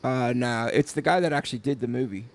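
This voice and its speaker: A man's voice: mid-range voice, fast, creaky. A man co-hosting a casual podcast about tattoos, rambling with lots of repeated words and fillers. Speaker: podcast co-host, tattoo artist. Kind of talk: casual chat.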